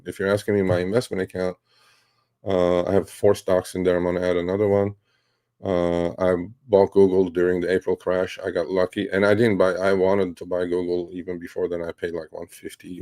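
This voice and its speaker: A middle-aged man with a low, gravelly, mellow voice answers a question about his trading. He talks casually and bluntly, getting animated and swearing at times. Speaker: trader.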